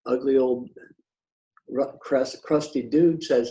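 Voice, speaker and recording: A man's voice: fairly high pitch, moderate pace, darkish tone, poor audio. A man talking in a casual, conversational storytelling style, blunt and profane, often stammering and restarting his sentences. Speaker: patio chat host.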